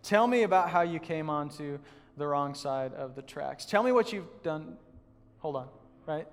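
A man preaching a sermon as pastor, telling a story in a casual, animated, self-deprecating way. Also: fairly high pitch, normal speed, in a large hall. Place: church hall.

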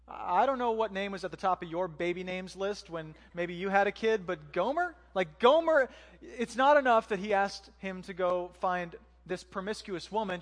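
A man's voice: high voice, long reverb tail. A man giving a conversational sermon as pastor, using joking asides and rhetorical questions.

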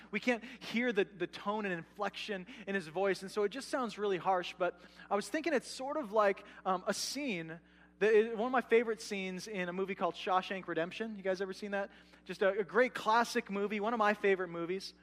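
A man preaching a sermon as pastor, in a conversational, animated way with asides to the congregation. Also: sits high, a little fast, big-room sound.

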